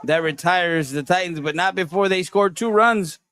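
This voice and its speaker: A man's voice: high voice, moderate pace, a bit bright, clear, resonant tone. A man announcing baseball play-by-play, methodically recapping the inning. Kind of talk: measured play-by-play commentary.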